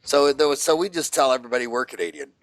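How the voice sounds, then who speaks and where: A man's voice: mid-range voice, expressive, rapid-fire, slight background noise. A man hosting an interview podcast, chatting casually and telling rambling jokey stories full of fillers. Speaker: podcast host.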